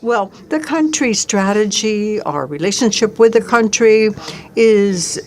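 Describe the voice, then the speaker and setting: A woman's voice: medium pitch, expressive, unhurried. A woman interpreting a forum speech live, speaking steadily and evenly in the first person. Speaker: simultaneous interpreter.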